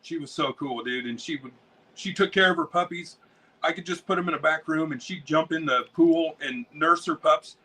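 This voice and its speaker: An American man, a dog breeder and interview guest, telling stories in a rambling, excitable way full of swearing. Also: fairly high pitch, moderate pace, slightly rough, distant mic, poor audio. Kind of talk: casual storytelling.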